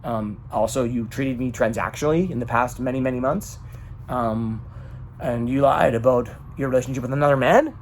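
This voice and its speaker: A man's voice: medium pitch, normal speed, slight background noise. A man in an emotional personal monologue, talking dramatically and swearing often. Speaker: vlogger.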